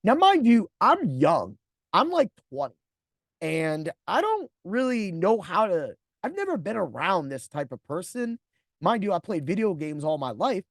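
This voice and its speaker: A man's voice: high voice, sing-song, unhurried, no echo, studio quality. A man in his forties hosting a podcast, telling a personal story in a blunt, profane way and acting out other people's lines. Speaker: podcast host.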